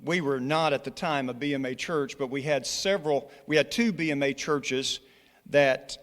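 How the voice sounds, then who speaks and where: A Scottish man addresses a congregation in an earnest, exhorting way, restarting his phrases as he tells a story. His voice has a middle pitch. It rings with long reverb through a large church hall. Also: moderate pace, fairly bright tone. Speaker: college church relations director. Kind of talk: church presentation with personal story. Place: church sanctuary.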